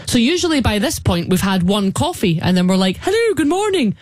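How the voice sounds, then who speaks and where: A woman's voice: medium pitch, sing-song, a little fast, dry recording, clean studio sound. A woman hosting a morning radio show, chatting casually and teasing her co-host with easy laughs. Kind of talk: casual on-air banter. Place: radio studio.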